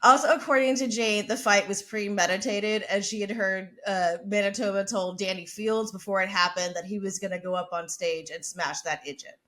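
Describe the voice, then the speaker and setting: A woman's voice: medium pitch, steady tone, normal speed, few pauses, a bit bright. A woman podcast host telling a story in a brash, chatty, profane way. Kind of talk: casual storytelling.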